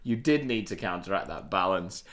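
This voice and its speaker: A young man banters with dry, wry asides. His voice sits low, yet it has a bright edge. He tells his stories in a relaxed, matter-of-fact way. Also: moderate pace. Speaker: comedy podcast co-host. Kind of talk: casual banter.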